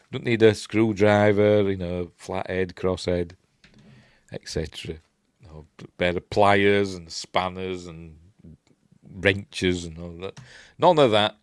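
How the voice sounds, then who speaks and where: A man's voice: lowish voice, no room sound, clean studio sound. A Yorkshire man talking casually about a film as its reviewer, rambling and correcting himself with chuckles and asides. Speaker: film reviewer, channel host.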